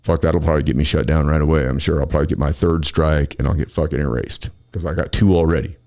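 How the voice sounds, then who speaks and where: A man with a very low, gravelly voice rants on his own show. He talks angrily and swears constantly as he vents to his listeners. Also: steady tone, quick pace, a little mellow. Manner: angry, profane, ranting. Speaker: podcast host. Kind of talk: solo political rant.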